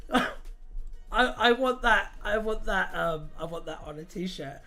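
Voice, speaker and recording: A man hosting a livestream, chatting casually and reading aloud, irreverent and quick to swear and laugh. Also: high-pitched, expressive, sharp tone, faint music behind. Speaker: livestream host.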